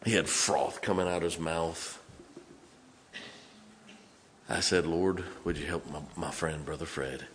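A middle-aged man preaching a storytelling sermon in a church, folksy, swinging from loud to hushed. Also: extremely low pitch, fairly even intonation, slow pace, pauses often, slight background noise. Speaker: pastor. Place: church sanctuary.

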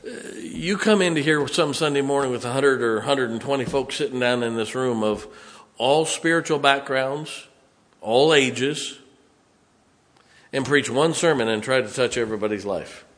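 A man's voice: mid-range voice, normal speed, fairly bright tone, in a large hall. A middle-aged male pastor, preaching a sermon in a church with folksy, conversational stories. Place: church sanctuary.

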